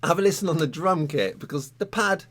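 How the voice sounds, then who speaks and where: A man's voice: on the high side, expressive, a little fast, a bit bright. A man teaching a drum lesson, talking casually and counting sticking patterns aloud.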